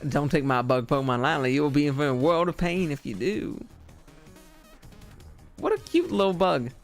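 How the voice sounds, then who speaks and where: A man's voice: on the high side, expressive, normal speed. A man streaming a video game, chatting casually in a rambling, goofy way, with plenty of fillers. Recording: faint game music behind.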